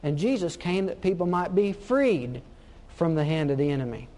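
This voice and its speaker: A man's voice: a little high, big pitch swings, moderate pace, warm tone. A man preaching a sermon, emphatic and fond of repeating his key phrases for weight.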